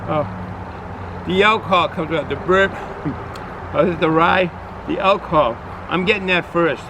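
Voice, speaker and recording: A man's voice: on the high side, a little slow, background noise. A man with a Boston accent rambling chattily through a casual beer review, full of fillers and repeats, recorded outdoors in the cold. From New England, US.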